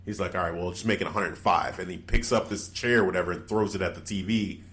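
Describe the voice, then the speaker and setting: Deep-voiced and fast-talking, this man co-hosts a laid-back wrestling recap podcast. He chats loosely and animatedly, breaking into frequent laughter and performing quotes as he tells them.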